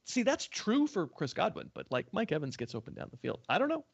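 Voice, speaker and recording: Man co-hosting a betting podcast, slightly high. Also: a little fast, vocal fry, slightly rough, lo-fi sound. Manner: animated, jokey, laughs often. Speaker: podcast co-host. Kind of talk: casual sports betting chat.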